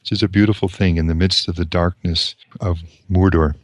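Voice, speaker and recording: A man lecturing, reading from a novel and commenting on it in a measured, reflective way, sometimes restarting a sentence. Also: low voice, steady tone, dry recording.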